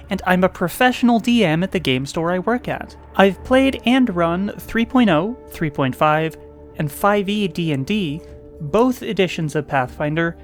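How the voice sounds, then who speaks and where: A woman hosting and narrating online role-playing stories, expressive, with playful asides. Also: lowish voice. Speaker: host and narrator.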